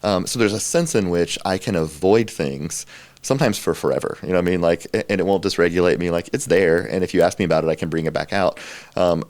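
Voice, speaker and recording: A man's voice: sits low, quick pace, darkish tone, no room sound. A man in his forties, a pastor, talking candidly and reflectively, with a self-deprecating humor. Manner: reflective, self-deprecating, laughs while telling stories. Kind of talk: candid conversation.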